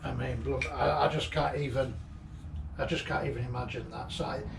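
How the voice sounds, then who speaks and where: A gravelly, mid-range voice carries this vlogger's rambling reminiscence about his late friend, told with fond chuckles and little order. His intonation is fairly even and his speed normal. He's recording inside an old house being cleared, with a distant mic, roomy acoustics, and faint noise.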